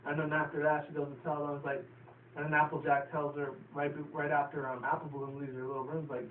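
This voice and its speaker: A man from New York City rambles through an episode recap, swearing freely and leaning on fillers. His voice sits a bit high for a man. The recording is tinny and roomy, picked up from a distance with a faint hiss. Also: monotone, quick pace. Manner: profane, filler-heavy, chatty. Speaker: show reviewer.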